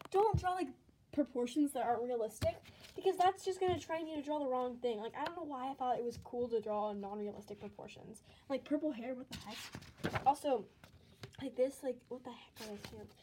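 Giggly teen girl with a high voice. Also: warm tone, a little hiss or hum, poor audio. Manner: self-mocking, giggly, drops into whispers. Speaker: vlogger. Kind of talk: casual commentary on old sketchbook. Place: bedroom at home.

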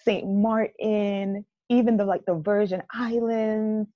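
A young woman from Jamaica co-hosting a casual chat, talking in an animated, emphatic way with laughing asides. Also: medium pitch, takes it slowly. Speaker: podcast co-host. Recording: dull lo-fi sound.

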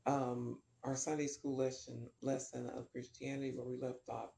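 A man's voice: mid-range voice, level tone, moderate pace, gravelly, warm tone, roomy sound. A man teaching a casual Bible lesson, rambling with many ums and restarts.

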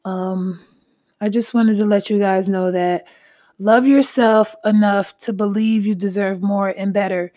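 A woman's voice: medium pitch, fairly even intonation, measured pace, warm tone. A woman hosting her own podcast, talking bluntly and with a lot of swearing in a casual self-help monologue, noticeably short of breath. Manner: blunt, profane, emphatic. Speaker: podcast host.

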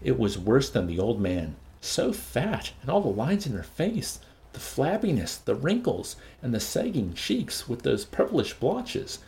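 A man reads a novel aloud as host of the show. His voice rises and falls in lively, animated swings, at a middle pitch, and he leans into the narration. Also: a little slow, vocal fry. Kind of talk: reading fiction aloud.

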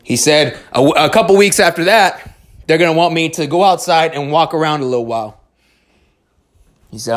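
A fairly high-pitched man talks at a moderate pace, pausing often, as he shares a story and earnest motivational life advice. His casual monologue is blunt and profane, with frequent restarts.

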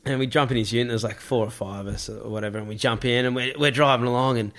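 A man's voice: mid-range voice, steady tone, fast, fairly bright tone. A man hosting a casual chat, telling a laid-back story with some swearing.

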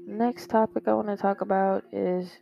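Speaking at a normal pace, a young podcast host has a gravelly, mid-range voice that stays fairly level in pitch. Her casual confessional monologue into the microphone is rambling and candid, with many fillers and some swearing. The audio is dull lo-fi with faint guitar music playing.

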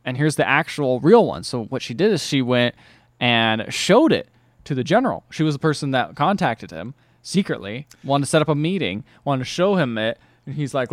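A man hosting a podcast, recapping a film plot in a rambling, halting way with many fillers. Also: medium pitch, sing-song, dry recording. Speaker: podcast host.

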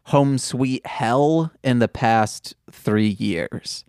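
A man co-hosting a casual podcast, joking in a wry, deadpan way. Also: mid-range voice, drawn-out words, clean tone, dry recording, studio quality. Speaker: podcast co-host. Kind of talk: casual chat.

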